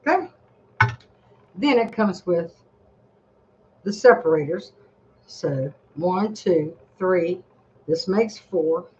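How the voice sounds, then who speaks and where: A woman's voice: fairly low pitch, expressive, slow, pauses often, warm tone, highs cut off, a little hiss or hum. An older woman vlogging a casual product review from her home desk, chatty and rambling as she talks straight to her viewers.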